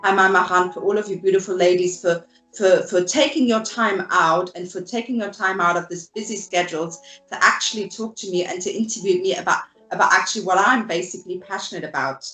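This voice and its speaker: A woman's voice: lowish voice, a little fast, fairly bright tone, roomy sound, faint music behind, low-quality recording. A woman from Germany, a filmmaker guest in an interview, speaking earnestly and from the heart, often repeating words as she goes. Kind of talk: video interview.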